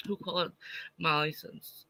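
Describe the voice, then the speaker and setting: A woman's voice: fairly low pitch, sharp tone, no room sound, rough recording. A woman ranting on a livestream, blunt and profane, stopping to answer chat. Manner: blunt and profane, heated, reads chat aloud. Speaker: livestreamer reacting to online drama.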